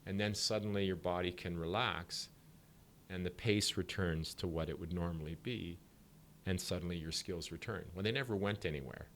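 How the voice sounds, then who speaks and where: A man's voice: sits low, moderate pace, a bit bright, slight background noise. A middle-aged man, a sport psychology guest on a podcast, explaining ideas at length and acting out examples with a laugh. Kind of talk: podcast interview.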